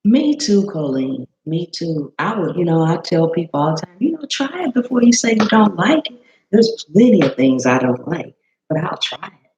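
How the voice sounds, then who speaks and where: A woman chef chatting with viewers during a live cooking demo in her home kitchen, greeting them by name, her voice a little hoarse. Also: fairly low pitch, very animated, moderate pace, a little mellow. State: slightly hoarse. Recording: slightly dull lo-fi live-stream audio.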